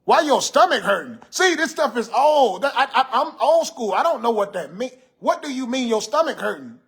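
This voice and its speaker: Man as gray-haired uncle, fifties, old-school and sassy; husky, high-set voice; phone-on-ring-light livestream. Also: sing-song, moderate pace, a bit bright, heavily acted. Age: 50s. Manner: sassy, scolding, laughing at viewers' comments. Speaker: livestream host reading comments. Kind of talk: comedic character livestream. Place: room in a house.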